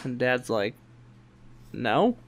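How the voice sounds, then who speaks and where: A young man hosting a podcast, telling a work story in a quick, animated way and acting out other people's lines. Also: medium pitch, soft background music. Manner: quick, animated anecdote-telling with voiced quotes. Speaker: podcast host. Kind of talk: casual storytelling chat.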